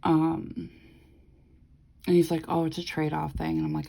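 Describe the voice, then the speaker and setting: A woman's voice: deep voice, lively intonation, moderate pace, vocal fry, long pauses, darkish tone, poor audio. A woman vlogger chatting casually as she decorates her planner, rambling through a story with lots of fillers and the odd swear.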